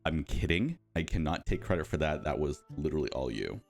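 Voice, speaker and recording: A man's voice: a bass voice, very animated, a little fast, gravelly, faint music behind. A man in his thirties hosting a casual livestream, playful and chatty, greeting viewers by name and rambling off on asides. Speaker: livestream host for a game studio.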